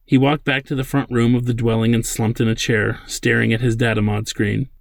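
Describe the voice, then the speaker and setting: A man reading his own science-fiction novel aloud in a steady, plain narrating voice. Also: mid-range voice, brisk, gravelly, dry recording. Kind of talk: audiobook narration.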